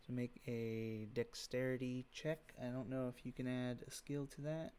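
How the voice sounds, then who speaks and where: A man running a tabletop game as game master, giving rulings and narrating the action in a relaxed way with frequent filler pauses. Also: mid-range voice, a little hiss or hum.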